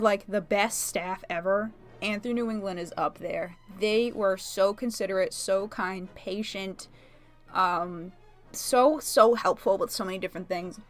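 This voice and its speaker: A woman telling a convention story while she paints at home, chatty and giggly with quick asides. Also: fairly high pitch, fairly bright tone. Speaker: video creator. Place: home, talking to her pet bird.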